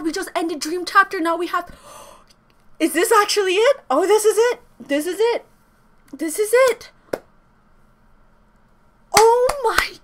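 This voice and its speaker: A woman giving an excited fan reaction, gushing and swearing, with sudden jumps in her voice. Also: extremely high pitch, measured pace, long pauses, a little hiss or hum. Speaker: reaction video host.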